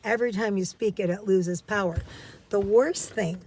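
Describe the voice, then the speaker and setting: A woman's voice: mid-range voice, normal speed, darkish tone, a little hiss or hum. A middle-aged woman, a recovery coach, giving casual, earnest advice and repeating key phrases for emphasis.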